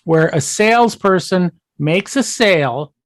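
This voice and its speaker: An American man in casual podcast conversation, animated and chatty. He tells stories and slips into the voices of the people in them. His sound is dry and close, with no room around it. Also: high voice, measured pace, no echo. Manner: animated storyteller, acts out quotes. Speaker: podcast host.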